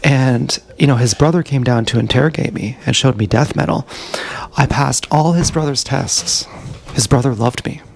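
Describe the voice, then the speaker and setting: Gravelly man rambling through a story. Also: medium pitch, normal speed, a little hiss or hum. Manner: profane, tangled retelling with self-corrections. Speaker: live streamer. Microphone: action camera.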